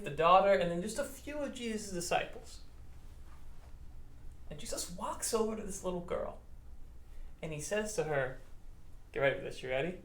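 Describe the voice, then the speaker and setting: A male pastor giving a children's Bible lesson, telling the story in a playful, animated way and acting out the characters. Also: high-pitched. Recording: roomy echo.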